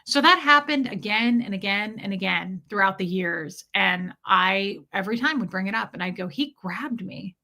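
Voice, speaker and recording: A woman frankly telling a painful personal story, uneasy and halting at times, with some swearing. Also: medium pitch, bright, forceful tone. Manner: uneasy, halting and self-correcting.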